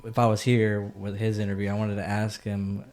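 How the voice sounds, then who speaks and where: A woman's voice: very deep voice, flat delivery, fairly quick, darkish tone, soft background music. A woman co-hosting a podcast, chiming in with short supportive remarks. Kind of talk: casual podcast conversation.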